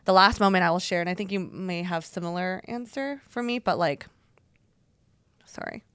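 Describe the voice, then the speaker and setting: A woman co-hosting a podcast, talking in an emotional, halting way with many restarts. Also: fairly low pitch, a bit bright, clean tone, no room sound. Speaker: podcast co-host. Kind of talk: heartfelt casual podcast chat.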